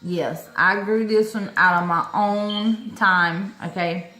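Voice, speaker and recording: A chatty woman talks casually to her viewers, exclaiming as she goes and calling them y'all. Her voice sits at an ordinary middle pitch. The room around her is echoey. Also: slow pace, bright, forceful tone. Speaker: vlogger showing her orchid collection. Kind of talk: casual chat.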